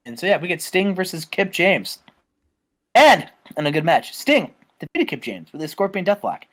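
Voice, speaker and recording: A young man casually narrating a wrestling booking game, rambling and animated. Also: high voice, normal speed. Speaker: game show co-host.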